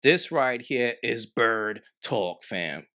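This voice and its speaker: A man's voice: mid-range voice, animated, slow pace, bright, forceful tone. Slangy man reacting to a dating clip. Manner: slangy, emphatic, talks straight to the viewers. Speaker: reaction video host. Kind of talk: casual reaction commentary.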